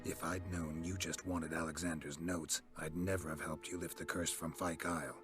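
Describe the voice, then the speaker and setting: An actor playing a blunt, gruff middle-aged male monster hunter in video game dialogue, speaking in a terse, flat, curt way. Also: a bass voice, normal speed. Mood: cold. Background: game music.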